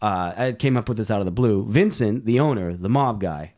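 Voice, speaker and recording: A man's voice: fairly low pitch, expressive, fairly quick, a little mellow, a little hiss or hum. A young man spins a long, profane story in loose podcast chat. He rambles, quotes people in passing and curses freely. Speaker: podcast host.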